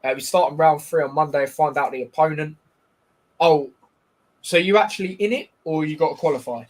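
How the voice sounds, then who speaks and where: A chatty man hosts a live football watchalong and keeps up a loose, bantering running chat full of ums. His voice sits a bit high for a man. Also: fairly quick. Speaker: streamer hosting a football watchalong. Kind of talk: casual live-stream chat with match commentary.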